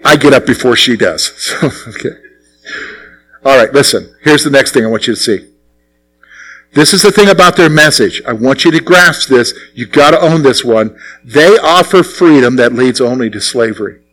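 A middle-aged man preaching a sermon as pastor, asking the congregation questions and answering them himself, with sudden drops to quiet asides. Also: moderate pace, faint music behind, low-quality recording. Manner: swings between raised, punchy lines and low, quiet asides.

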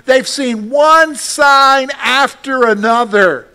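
A man preaching a radio sermon, animated, acting out quoted voices and dropping suddenly soft. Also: very high-pitched, slow, clear, resonant tone. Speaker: pastor.

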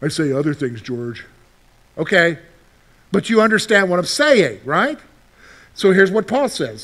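Very animated and high-voiced, with a fairly bright tone, this preacher moves at a measured pace and leaves long pauses. He poses questions to his congregation, answers them, and performs what imagined listeners would say back.

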